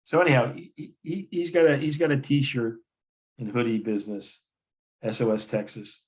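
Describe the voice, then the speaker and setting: A man's voice: medium pitch, fairly even intonation, normal speed. A man telling a story as a guest in a casual conversation, rambling with many restarts and quoted dialogue. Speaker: coffee company founder as guest.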